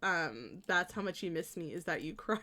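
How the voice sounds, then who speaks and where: A woman's voice: on the low side, expressive, moderate pace, pushed and bright. A young woman streamer chatting casually with her viewers while she plays, laughing often and reading their messages aloud. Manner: bubbly, giggly, reads chat aloud. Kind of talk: casual chat while playing a game.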